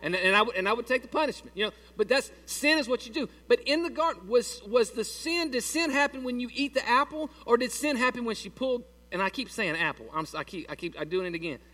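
A man's voice: very high-pitched, expressive, fast, few pauses, bright, forceful tone, distant mic. A man preaching a sermon in a church in a folksy, conversational way and asking the congregation questions. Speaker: pastor.

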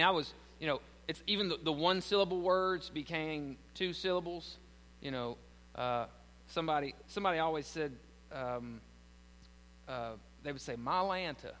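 A man's voice: a little high, a bit bright, long reverb tail, slight background noise, rough recording. A man with a Southern American accent preaching a sermon as pastor, building to emphatic lines and then telling stories with frequent restarts.

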